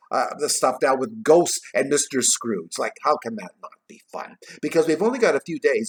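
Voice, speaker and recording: A man casually retelling a classic story in a vlog, tossing in jokey asides and trailing off quietly at the ends of his thoughts. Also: medium pitch. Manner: chatty, jokey, adds asides while retelling. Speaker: vlogger reading a classic novel aloud.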